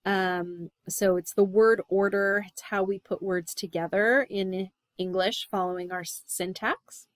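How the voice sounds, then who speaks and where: A woman's voice: mid-range voice, fairly even intonation, a little slow, few pauses, no room sound. A woman giving a recorded class lecture, explaining terms with frequent "um" and "right?" check-ins.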